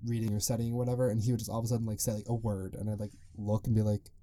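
A man's voice: lowish voice, little pitch movement, racing, mellow. A young man hosting a casual solo podcast, rambling with lots of "like" and frequent chuckles. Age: young adult. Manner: rambling, peppered with "like", chuckles often. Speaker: podcast host.

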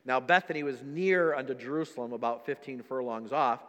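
A pastor's mid-range, slightly bright voice moves briskly through a sermon in a large church hall. Along the way he acts out the doubting people in the story and reads scripture in old-fashioned wording.

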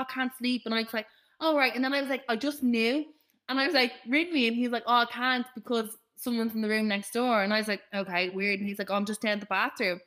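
A woman, co-hosting a podcast and telling a story in a casual, animated way with plenty of swearing. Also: fairly high pitch. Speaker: podcast co-host.

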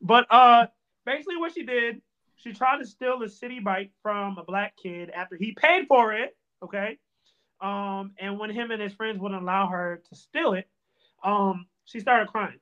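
A man hosting a podcast in a loose, animated way, joking and riffing on the news. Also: sits high, normal speed. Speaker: podcast host. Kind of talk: casual podcast chat. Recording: dull lo-fi sound.

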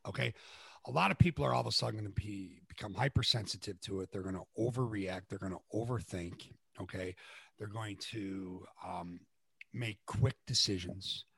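A middle-aged man, a former basketball coach, telling stories in an animated conversational way, often checking in with "okay" and "right". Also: on the low side, moderate pace, vocal fry, slightly rough, dry recording. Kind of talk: conversational storytelling.

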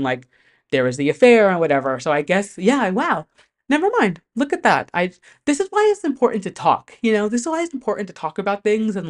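A chatty vlogger talking straight to camera in a loose, animated way, full of fillers and the odd curse word. The voice sits at a middling pitch, neither high nor low. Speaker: pop music commentator host. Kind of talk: casual chat to camera.

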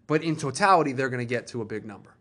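A man's voice: mid-range voice, animated, rapid-fire, a bit bright. A man hosting a casual chat show, rambling and circling back on his points. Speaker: podcast host.

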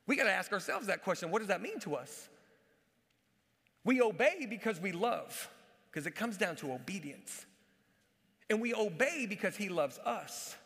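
A man with a high, bright voice delivers an animated sermon, driving home his points by repeating them. He is recorded live in a church, with a long reverb trailing behind his words. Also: normal speed, breathy edge. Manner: animated preaching, repeats key phrases for emphasis. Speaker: pastor. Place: church sanctuary.

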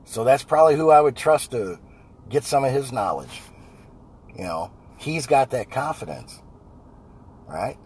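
A man's voice: mid-range voice, animated, measured pace, pauses often, a little mellow, a little hiss or hum. A man, a house painter giving a blunt, folksy motivational talk about sales. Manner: blunt, folksy, repeats "right?" and "I guarantee". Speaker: house painter and business owner.

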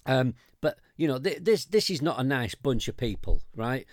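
A man's voice: medium pitch, big pitch swings, normal speed, no echo, studio quality. An English man co-hosting a podcast, ranting in casual chat, swearing and stumbling over restarts while mocking the people he quotes. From England. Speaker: podcast co-host.

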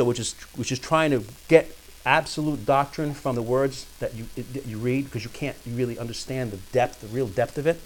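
A man teaching a Bible study. He reads quoted passages slowly and emphatically, then explains them in quick, plain asides and often checks whether his listeners follow. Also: mid-range voice, steady tone. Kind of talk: teaching sermon with read-aloud quotes.

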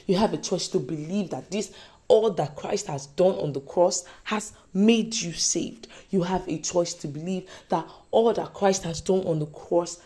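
A woman preaching a sermon, repeating lines and swinging between forceful and soft delivery. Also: lowish voice.

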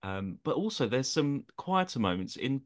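A man's voice: mid-range voice, very animated, normal speed. A man co-hosting a podcast, sharing his opinion in an enthusiastic, rambling way with lots of fillers. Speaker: podcast co-host. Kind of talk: casual chat, giving his opinion.

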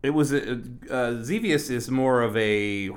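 Rambling, animated male podcast co-host. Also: mid-range voice, measured pace. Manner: rambling, animated, self-interrupting. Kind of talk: casual podcast chat about retro games.

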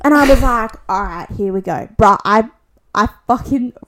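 With a slightly high voice at normal speed, a young Australian co-host relays a gossip story on her podcast. She's animated, drops swear words constantly, and voices everyone's quotes.

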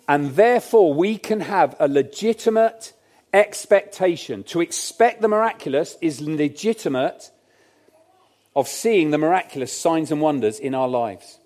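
A man's voice: a little high, darkish tone. A man preaching a sermon in a church, conversational and emphatic, with jokey asides to the congregation.

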